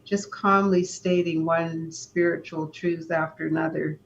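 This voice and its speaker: A woman, a guest in an interview, telling a personal story in a calm, unhurried way, often stopping to restart her sentences. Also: gravelly. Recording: dull lo-fi sound with faint rumble.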